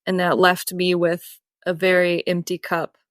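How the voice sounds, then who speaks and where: A woman's voice: lowish voice, little pitch movement, slow pace, a bit bright, no room sound, clean studio sound. A young woman from Indiana who farms, co-hosting a podcast in frank, casual chat and laughing easily. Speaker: podcast co-host, farmer.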